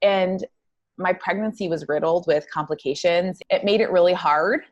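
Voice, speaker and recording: A woman guest telling her own story in an interview, earnest and halting, with many fillers. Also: fairly low pitch, highs cut off. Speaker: guest psychologist.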